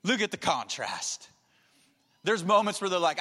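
Male pastor, sermon, bright tone, long reverb tail, whisper-soft to emphatic delivery. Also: on the high side, big pitch swings, normal speed, slightly rough. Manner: shifts between soft near-whispers and emphatic raised passages.

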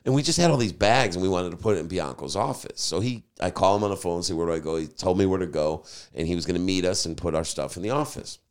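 Low-voiced man telling an excited story. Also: fast talker, hardly any pauses. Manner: animated, excitable, swears freely. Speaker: podcast host and DJ. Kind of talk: casual storytelling.

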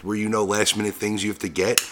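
A man's voice: fairly low pitch, flat delivery, quick pace, a bit bright, a little hiss or hum. A man co-hosting a podcast, chatting casually and swearing in passing. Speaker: podcast co-host. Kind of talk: casual chat.

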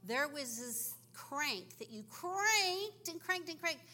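A woman who grew up in Africa, telling a lively story in a church sermon for children, acting out the voices. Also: high voice, slow pace. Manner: animated storytelling with acted-out voices. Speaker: teacher and preacher.

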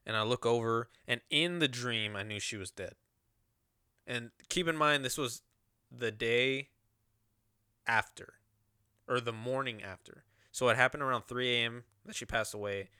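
A man's voice: medium pitch, sharp tone, clear, resonant tone, no echo, studio quality. A man telling a personal story in a rambling, casual way, with lots of swearing and fillers.

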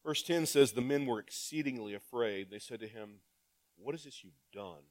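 A male pastor giving a sermon. He reads scripture aloud, asks the congregation rhetorical questions, and swings between loud emphatic calls and quiet asides. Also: medium pitch, moderate pace.

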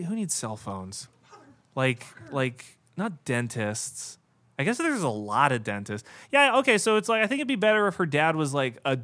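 A man on a comedy podcast, riffing deadpan with many fillers and restarts. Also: fairly high pitch. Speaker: podcast co-host.

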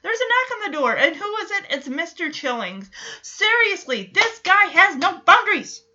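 A woman's voice: extremely high pitch, big pitch swings, moderate pace, pushed and bright, highs cut off. A woman hosting a reaction video, recapping a TV episode and talking emphatically and with exasperation straight to viewers.

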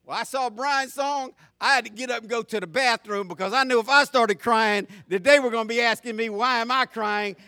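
High-voiced, bright preacher man. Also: brisk, few pauses, no room sound, studio quality. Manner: storytelling preacher, shifting between loud animated asides and soft, low reflection. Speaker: pastor. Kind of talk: sermon.

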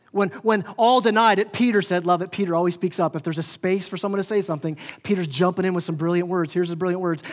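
A male pastor preaching a sermon with passion, swelling loud and dropping soft, often restarting his words. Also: high voice, fast, long reverb tail. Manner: impassioned, rising and falling in volume, stammering restarts. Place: church sanctuary.

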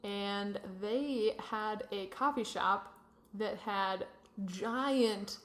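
A young woman co-hosts a casual chat podcast and tells stories with an easy laugh. Her pitch sits in a middle register, and the room around her sounds echoey. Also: extremely slow. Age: young adult. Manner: chatty, storytelling, laughs easily. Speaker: podcast co-host.

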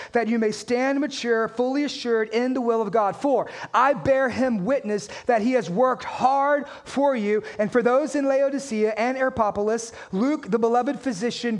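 A pastor with a strikingly high voice delivers his sermon with lively energy. He talks in a conversational way, throws rhetorical questions at the congregation and reads scripture aloud.

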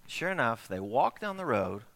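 Guy preaching a sermon, super lively pitch, acts out the story bits. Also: moderate pace, long reverb tail. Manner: animated storytelling with acted dialogue.

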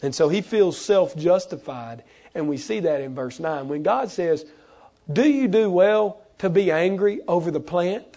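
A married man preaching a sermon, animated and acting out the voices he quotes. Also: sits high, a little slow. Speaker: pastor.

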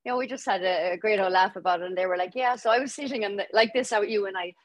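A young adult Irish woman telling her story as a podcast guest, lively and laughing as she acts out what people said. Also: medium pitch, racing, no room sound. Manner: lively, laughing storyteller acting out quoted voices. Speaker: guest author. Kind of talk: storytelling interview.

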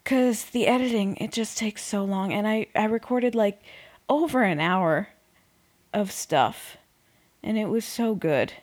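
A woman's voice: medium pitch, unhurried, a little mellow. A woman hosting a podcast alone, talking casually without editing, rambling, swearing and poking fun at herself as she loses her train of thought. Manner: rambling, swears, self-deprecating, restarts often. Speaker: podcast host. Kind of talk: unedited casual podcast monologue.

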